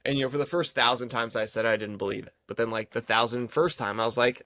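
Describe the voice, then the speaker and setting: A man's voice: mid-range voice, brisk, fairly bright tone, no room sound. Thirtysomething golf pro guy rambling thru a story, dry close sound. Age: 30s. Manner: rambling, self-deprecating anecdotes. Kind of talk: casual podcast storytelling.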